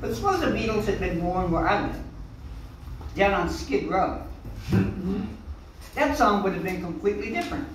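Brief: older stand-up comic, profane and rambling, mid pitch, booming echo, heard from afar in a club. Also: big pitch swings, moderate pace, pauses often, a little hiss or hum. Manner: profane, rambling, loud swings. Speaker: stand-up comedian. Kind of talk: stand-up set. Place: comedy club stage. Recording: echoey room from a distant mic.

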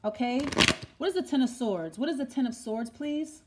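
A woman's voice: sits high, animated, normal speed, heavy background noise. A woman giving a tarot reading in a rambling monologue, thinking aloud, repeating herself and asking the cards questions. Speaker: tarot reader.

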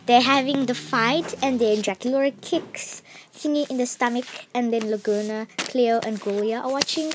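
A woman's voice: fairly high pitch, fairly even intonation, moderate pace, noisy background. A woman vlogger walking viewers through her drawings in casual, rambling storytelling with many fillers. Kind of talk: casual show-and-tell narration.

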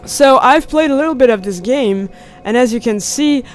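A woman hosting a let's play, excitable, shrieking and goofing around as she comments on a game. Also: sits high, moderate pace, faint music behind. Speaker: gaming channel host.

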